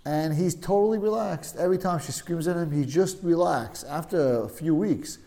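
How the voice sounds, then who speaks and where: A man with a somewhat high speaking voice leads a casual religious study talk, telling stories with animated, emphatic delivery. He repeats phrases again and again to drive a point home. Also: moderate pace. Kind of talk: casual storytelling discussion.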